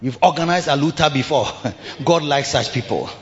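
A man's voice: fairly high pitch, fairly quick. A man preaching a sermon, dramatically acting out scenes and repeating call-outs. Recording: muffled hall sound with music.

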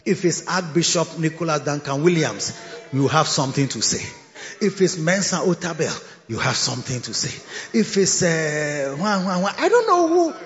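A Ghanaian man preaching in a large church, his voice pitched high and swinging from low asides up to excited shouts. The sound is dull and lo-fi, with a long reverb tail from the hall around him. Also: normal speed. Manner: animated, laughing, rising to shouts. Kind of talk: sermon.

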